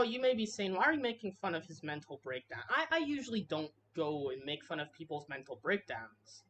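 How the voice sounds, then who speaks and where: A woman's voice: deep voice, very animated, brisk, few pauses, pushed and bright, a little hiss or hum. A woman delivering a harsh, heated commentary rant, swearing freely and restarting her sentences. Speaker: commentary video creator. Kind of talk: ranting commentary.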